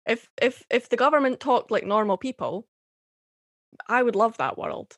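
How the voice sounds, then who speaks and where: A woman's voice: on the high side, very animated, measured pace, a bit bright, no echo. Passionate Scottish young woman. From Scotland. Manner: passionate, swears freely, laughs often. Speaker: guest. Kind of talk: casual podcast chat.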